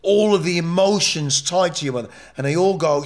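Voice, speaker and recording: A man's voice: fairly high pitch, animated, moderate pace, hardly any pauses. A man speaking as a podcast guest, telling a personal story in a candid, blunt and emotional way, with frequent swearing and rambling asides.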